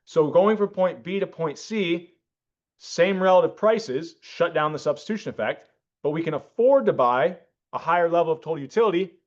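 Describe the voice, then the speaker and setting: A man's voice: a little high, expressive, moderate pace. A man giving an economics class lecture, explaining step by step and often checking in with the class and correcting himself. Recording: dull lo-fi classroom recording.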